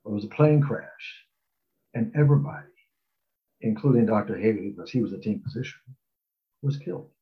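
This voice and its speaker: Recalling how he was recruited for college, an older man tells the story casually in a fairly low, expressive voice at a fairly quick clip, with long pauses. He rambles, leans on fillers, and acts out quotes over dull audio.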